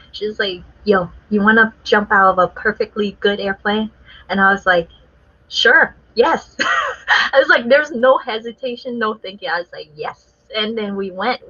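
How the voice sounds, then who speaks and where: A woman with a bright, somewhat high voice chats casually as a guest artist, laughing often as she tells her story. The sound is muffled and lo-fi, like a dull online call. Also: slightly rough.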